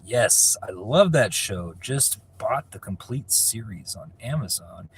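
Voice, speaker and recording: A man's voice: on the low side, animated, unhurried, few pauses, a little hiss or hum. A man from California chatting casually on a live stream, reading viewer questions aloud and answering in a rambling, profane way. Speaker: livestreamer answering viewer chat.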